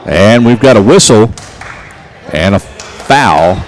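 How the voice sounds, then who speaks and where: A man calling local basketball play-by-play, getting excited and shouting on big plays. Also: lowish voice, slow pace, some chatter behind. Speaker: play-by-play announcer.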